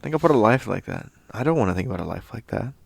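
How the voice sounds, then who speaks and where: A man's voice: medium pitch, lively intonation, quick pace, creaky, breathy edge, no echo. A young man co-hosting a podcast in slangy, goofy casual chat, tipsy and saying bro a lot. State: intoxicated. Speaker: podcast co-host.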